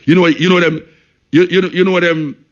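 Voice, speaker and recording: A man's voice: high voice, fairly even intonation, moderate pace, a bit bright, muffled recording. A man with a Jamaican accent hosting a radio talk show, speaking emphatically, repeating points and saying "you know" often.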